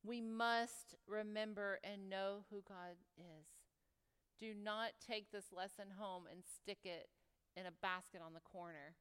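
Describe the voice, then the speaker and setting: Woman preacher, emphatic and reflective; smooth voice, echoing church hall. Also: mid-range voice. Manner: emphatic, rhetorical questioning, dropping to soft reflective tones. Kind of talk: sermon. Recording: long reverb of a large hall.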